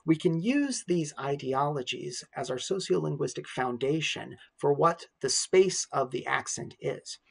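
A man who is a university lecturer, explaining in a measured recorded lecture. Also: fairly high pitch, lively intonation, gravelly, breathy edge.

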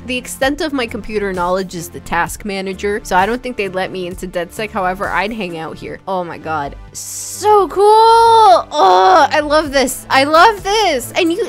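A young woman giving casual, excitable game commentary, swearing freely as she tours builds. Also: on the high side. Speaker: gaming YouTuber.

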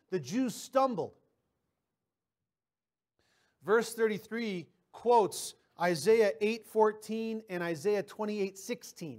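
Man, pastor, high voice, conversational sermon, repeats words at sentence starts. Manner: conversational preaching with personal anecdotes.

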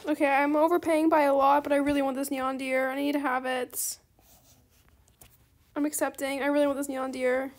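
A woman hosting her gaming channel, chatting casually through gameplay commentary and bursting into excited squeals. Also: sits high, normal speed, background noise.

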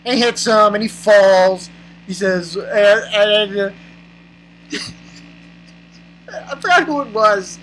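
A manga reviewer giving a casual, excited chapter recap, rambling and exclaiming with laughs. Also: medium pitch, slow, long pauses, slight background noise, poor audio.

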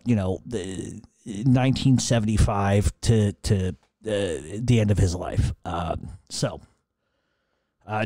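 Male podcast host, casual monologue, swears freely, rambles and restarts, low dark voice, dry close sound. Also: no room sound. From Providence, Rhode Island. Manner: profane, rambling with frequent restarts.

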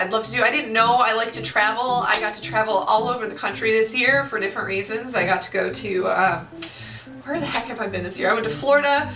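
A bubbly young woman in her late twenties chats to the camera in an eager, exclamatory way. Her voice sits a bit high, and she is picked up from a few steps back in an echoey room with music playing under her. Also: sharp tone. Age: 20s. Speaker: YouTuber. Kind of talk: casual chat to camera. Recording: roomy echo, far from the mic, music behind.

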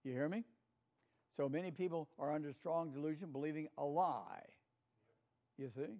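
An older man with a Southern American accent leads a Sunday school Bible lesson in a church classroom. His voice sits a little high and sounds mellow and dark, and he talks in a folksy, chatty way, often asking the room for an amen. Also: expressive, normal speed.

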